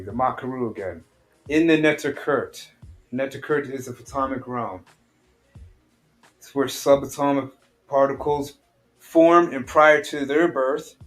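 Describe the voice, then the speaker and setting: A man teaching an online study group. He reads a text aloud line by line, explains each part in plain talk, and asks his listeners direct questions. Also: mid-range voice.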